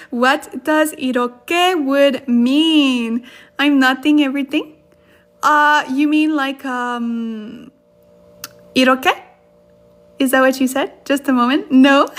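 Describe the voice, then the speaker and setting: A woman's voice: high voice, measured pace, pauses often, fairly bright tone. A woman teaching a casual livestream lesson, chatting with viewers, reading their comments and laughing often. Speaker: livestream Korean tutor.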